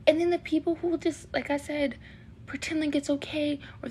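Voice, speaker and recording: A woman's voice: high-pitched, moderate pace, vocal fry, a little mellow, slight background noise. A young woman from the Baltimore area ranting heatedly to camera, indignant, with many fillers and restarts. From Baltimore area, USA. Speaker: vlogger. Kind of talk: casual rant to camera.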